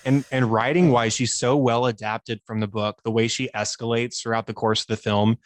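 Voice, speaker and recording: A man's voice: medium pitch, level tone, moderate pace, no echo. A man talking casually on a podcast, analyzing a film with enthusiasm and frequent laughter. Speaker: podcast co-host or guest, teacher by day.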